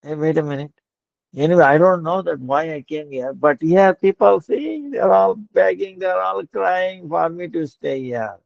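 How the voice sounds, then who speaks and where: A man voicing a saintly, compassionate king in a told story, with a gentle, pleading manner. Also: a little high, expressive, a little slow, vocal fry, no echo, voice pushed up. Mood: earnest. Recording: dull lo-fi dry recording.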